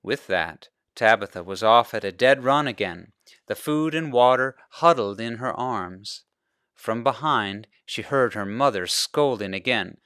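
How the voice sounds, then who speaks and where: A male pastor reading a children's storybook aloud, narrating in an expressive way. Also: mid-range voice, a little slow, smooth, no room sound, studio quality.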